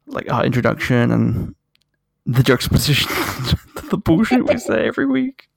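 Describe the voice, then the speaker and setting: A man's voice: mid-range voice, big pitch swings, moderate pace, gravelly, slightly rough, dry recording. A man co-hosting a podcast, joking in a drawling, casual way. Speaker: podcast co-host. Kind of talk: casual chat.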